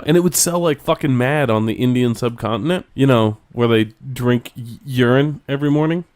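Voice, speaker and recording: A man's voice: mid-range voice, darkish tone. A man co-hosting a podcast in casual, profane banter, rambling and laughing easily. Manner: rambling, swears freely, quick to laugh. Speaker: podcast co-host.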